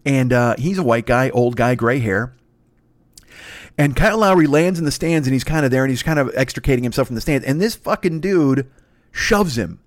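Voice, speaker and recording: A man hosting a solo comedy podcast, ranting in a profane, exasperated way that climbs into high indignant bursts. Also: normal speed, no echo. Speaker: podcast host.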